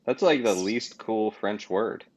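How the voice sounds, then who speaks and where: A man's voice: fairly low pitch, a little slow, a little mellow. A man co-hosting a podcast, chatting casually with jokes, rambling asides and a lot of self-interruptions. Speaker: podcast co-host.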